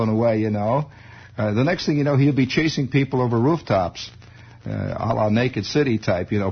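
A man's voice: mid-range voice, breathy edge. A man giving a wry, digressive comic monologue in a conversational radio style. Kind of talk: rambling comic storytelling monologue. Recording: dull lo-fi old radio recording.

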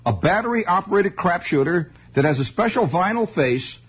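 A man's voice: high voice, lively intonation, moderate pace, husky. A man hosting late-night radio, delivering a wry, sardonic rambling monologue. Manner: wry, sardonic, mock-grumpy. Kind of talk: rambling monologue with sing-alongs. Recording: lo-fi old radio broadcast.

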